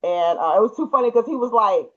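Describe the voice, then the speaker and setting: Man, high voice, bright tone, animated casual storytelling, laughs a lot, slightly muffled recording. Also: fast. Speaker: podcast co-host.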